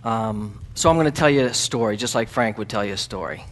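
A man, a missionary, telling a story in a church sermon, halting with ums and restarts, then building to loud fervent preaching. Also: lowish voice. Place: church sanctuary.

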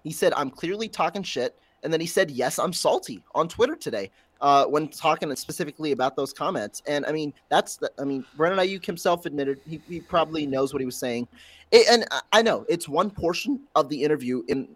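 Male sports podcast host, rapid and slightly high-pitched, casual analytical chat. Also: animated, no echo.

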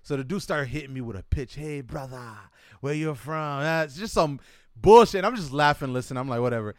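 An American man telling a story in a casual chat, animated and acting out what people said. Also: medium pitch, no room sound, clean studio sound. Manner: animated, acts out quotes, fast with frequent "right?". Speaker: storyteller guest.

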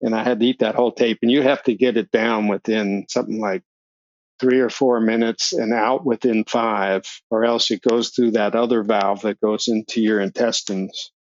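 A man's voice: on the low side, moderate pace, dull audio. An older man, a podcast guest, telling long stories in a casual interview and acting out the voices of the people he quotes, with frequent laughs. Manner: animated storyteller, acts out quoted voices, laughs often.

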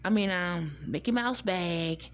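A woman's voice: fairly low pitch, unhurried. A woman hosting a podcast, telling rambling, laid-back childhood stories in casual talk. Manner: rambling, laid-back, swears and laughs while reminiscing. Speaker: podcast host. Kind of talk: casual storytelling monologue.

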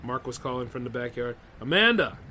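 A man's voice: mid-range voice, normal speed, a bit bright, slight background noise, low-quality recording. A man hosting a podcast, reading a horror story aloud and breaking off for loose, chatty asides. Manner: loose, conversational asides full of 'like' and 'man'. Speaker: podcast host. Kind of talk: reading horror stories aloud with casual commentary.

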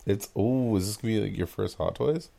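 A man's voice: fairly low pitch, brisk, gravelly, dark tone. A man co-hosting a casual chat, laid-back and given to laughter and sarcastic asides.

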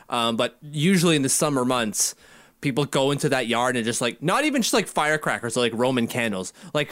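A man's voice: medium pitch, a bit bright, no room sound, clean studio sound. A man co-hosting a casual chat, joking and putting on mocking voices. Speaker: podcast co-host.

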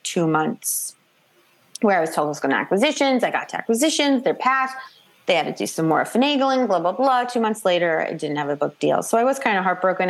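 A woman author from the New York area talks through her story in a relaxed interview. She is chatty and animated, slipping into quick put-on voices for the people she quotes. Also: lowish voice. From New York / New Jersey. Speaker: author guest. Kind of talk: casual interview chat.

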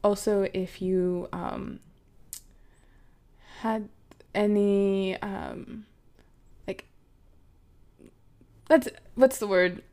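Woman player, slow and hesitant, lots of ums, casual. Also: medium pitch, fairly even intonation, dark tone. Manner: slow, hesitant, many fillers, playful. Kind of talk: tabletop game role-play chat.

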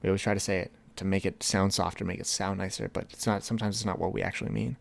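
Low-voiced man hosting a casual podcast. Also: very fast, vocal fry. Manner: rambling, animated, acts out texts in a higher voice. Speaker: podcast host. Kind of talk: casual solo podcast talk.

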